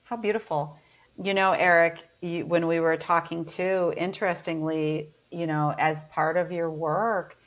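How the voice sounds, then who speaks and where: Female podcast host, deep even voice, affirming listener asking gentle questions. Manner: warm affirming listener, frequent agreement. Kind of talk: casual interview conversation.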